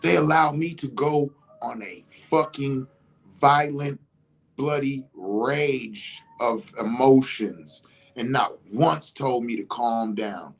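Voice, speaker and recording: A man talking in a casual livestream monologue, animated and emphatic, swearing freely. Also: mid-range voice, takes it slowly. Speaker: vlogger.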